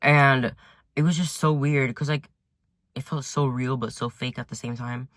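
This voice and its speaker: A teenage vlogger sits in his car at home telling his viewers a casual, rambling story, heavy on "like" and swearing. His medium-pitched male voice is a bit bright, with fairly even intonation at normal speed. There's no room sound.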